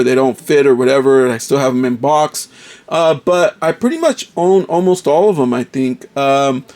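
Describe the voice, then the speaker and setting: A man's voice: on the high side, no room sound. A man casually reviewing a toy figure, enthusiastic and often calling viewers folks.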